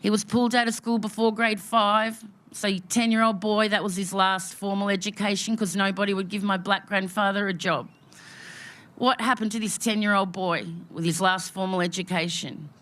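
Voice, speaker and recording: Speaking at a moderate pace, an Australian woman welcomes people to an outdoor memorial with deep emotion, leaning on rhythmic repetition. Her mid-range voice is fairly bright and keeps a fairly even intonation.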